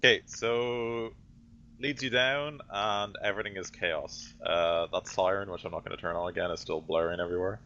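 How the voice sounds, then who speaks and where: A man's voice: low voice, steady tone, normal speed, bright, forceful tone, highs cut off. A man narrating a tabletop role-play game as game master, rambling through his descriptions with lots of fillers and self-corrections.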